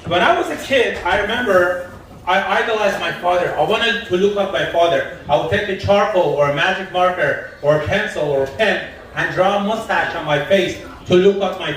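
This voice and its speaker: High-voiced Iranian man doing stand-up. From Iran. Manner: deadpan storytelling, quoting people in his jokes. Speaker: stand-up comedian. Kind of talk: live stand-up set. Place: comedy lounge stage. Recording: echoey room from far off, faint noise.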